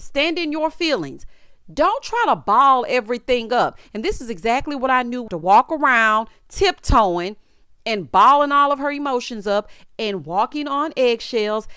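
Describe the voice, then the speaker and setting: A woman's voice: on the high side, pushed and bright, smooth, no room sound, clean studio sound. A woman giving a casual, opinionated recap of a reality show with a sassy, direct delivery, speaking straight to the people on screen.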